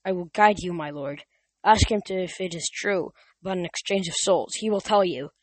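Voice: medium pitch, moderate pace, no echo, natural voice. An amateur reader voicing a scornful ghost adviser who gives clipped, insistent commands. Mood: sneering. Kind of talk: amateur audiobook reading.

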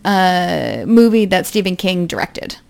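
A woman chatting casually on a podcast, with a gravelly, creaky edge to her voice. She rambles, hunts for words and drops in the odd swear word. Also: lowish voice, sing-song, a little slow, darkish tone. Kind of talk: casual chat.

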